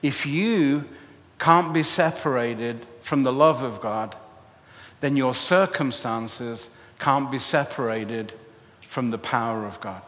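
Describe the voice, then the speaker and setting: A man preaching a sermon, telling a personal story with animated, self-mocking humor. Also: medium pitch, slow pace. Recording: long hall reverb.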